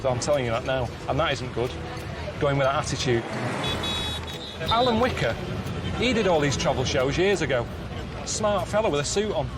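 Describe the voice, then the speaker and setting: Grumbling man, a touch high. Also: moderate pace, long pauses, over loud music. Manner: grumbling, deadpan complaining. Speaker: travelling presenter. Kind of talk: casual travel-show commentary.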